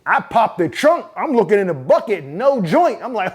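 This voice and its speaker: A man hosting his own channel, telling a personal story in a casual, profane, animated way. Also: sits high, normal speed, hardly any pauses, breathy edge. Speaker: host. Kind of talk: storytelling monologue.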